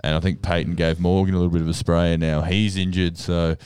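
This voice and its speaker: Deep fast-talking Australian man. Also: level tone, a little mellow, smooth, dry recording. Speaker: sports podcast co-host. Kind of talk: casual sports chat.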